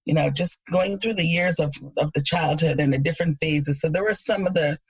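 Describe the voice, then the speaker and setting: A woman in her thirties from Jamaica, co-hosting a podcast and chatting casually, an animated storyteller who laughs often. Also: low voice, fairly quick, husky, no echo, rough recording. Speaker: podcast co-host. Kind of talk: casual chat.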